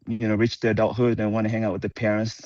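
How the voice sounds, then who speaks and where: Earnest halting man on a muffled call. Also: lowish voice, monotone, a little mellow, dry recording. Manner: earnest, halting, many fillers. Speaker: guest on a partners call. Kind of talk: casual chat.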